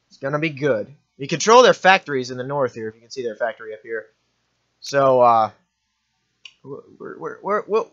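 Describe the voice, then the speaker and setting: A man's voice: medium pitch, fairly bright tone, highs cut off. A young man giving offhand, rambling commentary while playing a strategy game, often correcting himself. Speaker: gaming commentator. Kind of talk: let's play commentary.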